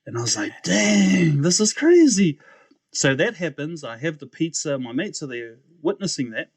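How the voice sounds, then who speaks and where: With a mid-range voice that runs a little fast and has a breathy edge, a young man tells his story on a podcast. He's casual and animated, voicing the people he quotes and laughing frequently, with no echo in the sound.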